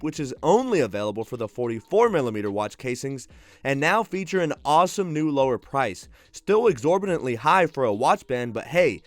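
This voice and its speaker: A man's voice: fairly high pitch, no room sound. A young man reviewing watch bands in an upbeat, slangy way, sounding sick and congested. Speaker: tech reviewer. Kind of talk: scripted product review.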